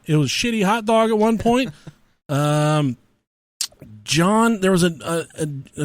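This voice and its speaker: Man, podcast co-host, slightly high voice, dry close sound, casual comedic storytelling, profane, laughs a lot. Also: no echo. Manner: profane, laughs often while telling stories.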